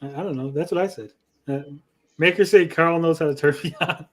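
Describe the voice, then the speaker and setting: A man's voice: on the high side, brisk. Teasing man hosting a livestream. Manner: teasing, playful. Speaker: show host. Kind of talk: casual livestream chat, reading chat messages.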